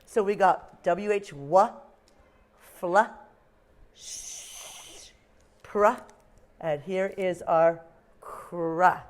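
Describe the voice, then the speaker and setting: A woman's voice: lowish voice, extremely slow, long pauses. A woman teacher leading a classroom phonics lesson for young children, sounding out letter blends and reading them a story.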